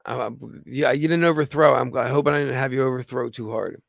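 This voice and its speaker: A slightly hoarse man with a gravelly voice hosting a casual livestream, rambling with lots of fillers and restarts. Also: mid-range voice, a little fast, dry recording. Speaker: livestream host.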